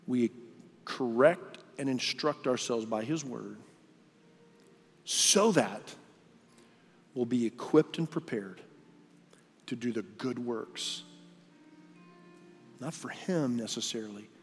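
A man's voice: mid-range voice, darkish tone, breathy edge. A man preaching a sermon in a casual, conversational way, stumbling and restarting his phrases as he goes. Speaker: pastor. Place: church auditorium. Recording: long church hall reverb.

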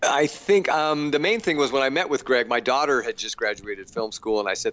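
A man's voice: mid-range voice, brisk, few pauses, fairly bright tone, muffled recording. A middle-aged man, an actor and producer, tells behind-the-scenes stories in a casual interview, laughing and swearing often. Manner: laughing, profane anecdotes.

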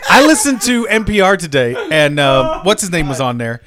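A man's voice: on the high side, sing-song, normal speed, very noisy. A man co-hosting a podcast in casual chat, rambling as he retells a story with "he's like" and "I'm like". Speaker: podcast co-host.

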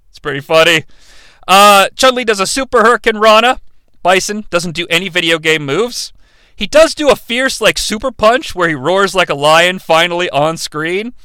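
A man hosting a comedic movie recap, sarcastic and excitable, swearing casually. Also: high voice, clean tone, dry recording. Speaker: movie reviewer host.

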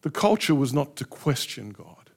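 A middle-aged pastor preaching a sermon with passion, acting out heartfelt prayers in changing voices. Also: male voice, medium pitch, sing-song, moderate pace, gravelly. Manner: impassioned, acts out prayers in shifting voices.

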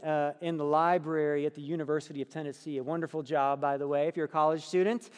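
A middle-aged man preaching a sermon and telling personal stories, earnest, dropping to soft hushed passages and lifting to emphatic ones. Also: high-pitched. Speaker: pastor. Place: church sanctuary. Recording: long reverb of a church hall.

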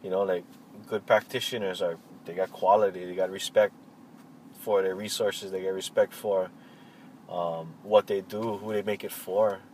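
Halting man. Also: low-pitched, steady tone, a little mellow, poor audio. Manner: halting, many fillers and restarts. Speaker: interviewee, cultural practitioner. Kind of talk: casual reflective interview. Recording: faint vehicle noise behind.

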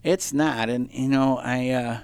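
A man's voice: medium pitch, steady tone, unhurried, creaky, darkish tone, clear, resonant tone, dry recording. A middle-aged man hosting a podcast, chatting casually and telling rambling stories with many restarts. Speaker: podcast host. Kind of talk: casual interview chat.

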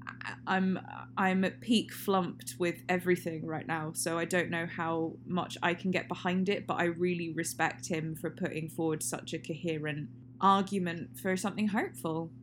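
A woman's voice: on the low side, fairly even intonation, moderate pace. Chatty woman, laughing often. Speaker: podcast co-host. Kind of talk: casual chat. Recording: faint hum and noise.

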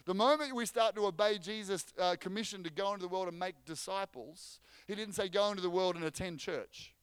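A man delivers a lively sermon in a high, clear, resonant voice. He jokes with the congregation and restarts phrases as he goes. The sound is close and dry. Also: a little fast, no room sound. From Australia. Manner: energetic, joking, frequent restarts. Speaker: pastor.

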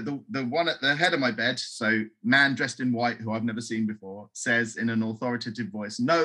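A man as an interview guest, telling a long story with lively quoted voices. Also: mid-range voice, husky. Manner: animated, acts out voices in quotes.

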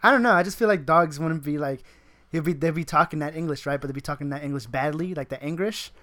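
A man's voice: a little high, fast talker, sharp tone. A man chatting casually on a podcast, rambling and swearing freely, often laughing between his words. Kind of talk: casual chat.

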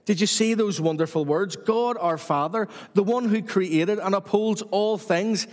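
A man's voice: high-pitched, normal speed, hardly any pauses, in a large hall. A man preaching a sermon to his church with repetitive, rhythmic emphasis.

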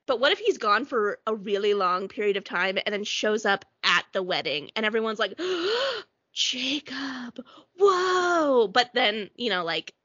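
Bright, animated woman co-hosting. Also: medium pitch, normal speed, hardly any pauses, no echo, muffled recording. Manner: animated, keeps acting out little quotes. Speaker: podcast co-host. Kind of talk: casual chat.

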